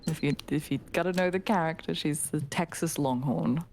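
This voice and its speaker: A tired woman streamer chatting casually with viewers, laughing often and slipping into soft whispers. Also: low voice, normal speed. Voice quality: tired, giggly. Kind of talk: casual chat reading viewer comments.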